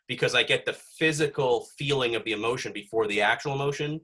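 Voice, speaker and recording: A young male podcast host chats casually and rambles, packing his talk with fillers and swearing. He speaks fast with hardly any pauses, in a medium-pitched voice that sounds bright and forceful.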